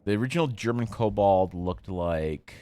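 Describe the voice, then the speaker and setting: Guy on a drawing stream, kinda low voice, goofy fake-outrage rants at chat, faint music under it. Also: expressive, normal speed, dry recording. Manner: jokey, mock-outraged, with sudden loud bursts. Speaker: artist streaming while drawing. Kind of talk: casual livestream chat to viewers.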